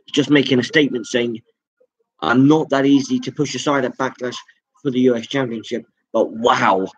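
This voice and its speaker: A man hosting a live reaction stream, calling wrestling moves with excited jumps and chatting to his viewers. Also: medium pitch, husky, lo-fi sound. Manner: chatty, thanks viewers directly.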